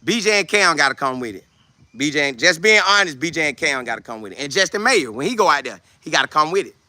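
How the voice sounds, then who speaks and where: A man in his twenties, hosting a casual football show, talking loudly and boastfully with lots of energy. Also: a little high, quick pace, no room sound. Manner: loud, trash-talking, animated. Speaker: show host, football player. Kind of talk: casual livestream chat.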